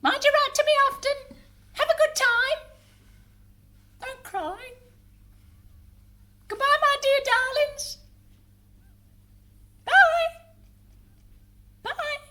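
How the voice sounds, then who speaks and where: A woman performing a comic monologue as a grandmother bravely seeing her family off on a train, her voice climbing high as she insists she'll be fine. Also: wildly swooping pitch, measured pace, fairly bright tone. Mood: brave cheerful. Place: live theatre stage before an audience.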